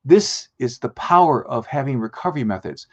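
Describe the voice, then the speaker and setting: A man's voice: medium pitch, brisk. A man hosting a live show as a speaking coach, teaching with examples and acting out the lines he quotes. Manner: animated, acts out quoted lines.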